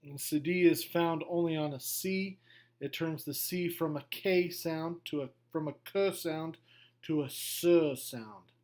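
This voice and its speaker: A middle-aged man teaching a beginner language lesson, going slowly through a worksheet, patient and repetitive with frequent okays. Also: a little high, a little mellow. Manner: slow, patient, repeats himself with many okays. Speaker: French teacher. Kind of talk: classroom lesson walkthrough.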